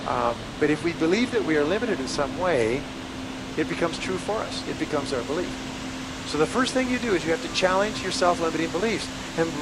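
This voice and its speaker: A man calmly explaining self-help ideas, reasoning step by step in a measured way. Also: fairly high pitch, very noisy. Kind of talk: calm explanatory talk. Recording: music underneath.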